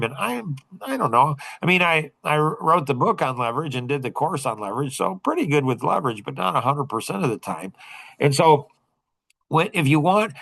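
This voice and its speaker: A man's voice: medium pitch, a bit bright, no echo, poor audio. A middle-aged man hosting a podcast, chatting casually to a small group and rambling with many fillers and restarts. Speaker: podcast host and coach.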